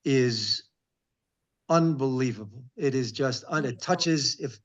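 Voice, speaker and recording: A man speaking as a rabbi in a devotional interview, reading verses in a slow, emphatic way and then breaking off with quick, earnest asides. His voice sits in an ordinary middle pitch. The audio is slightly muffled and dull. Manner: reads scripture slowly and emphatically, breaks off with asides.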